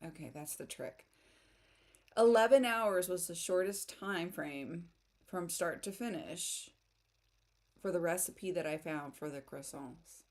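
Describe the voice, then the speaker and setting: Chatty giggly American woman, lowish voice. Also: unhurried. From United States. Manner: chatty, giggly, self-deprecating. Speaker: writing livestream host. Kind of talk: casual chat reading live comments.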